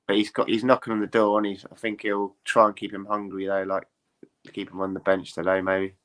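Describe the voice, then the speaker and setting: Fast-talking bright-voiced man. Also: on the low side, completely flat delivery. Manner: quick, chatty, asks for agreement with tag questions. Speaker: panelist. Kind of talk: casual chat about football.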